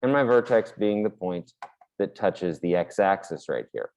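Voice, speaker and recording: A man's voice: low voice, expressive, measured pace, darkish tone, low-quality recording. A man teaching a math lesson in a casual, explanatory way while drawing on a board, with the odd filler. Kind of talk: classroom lecture at a board.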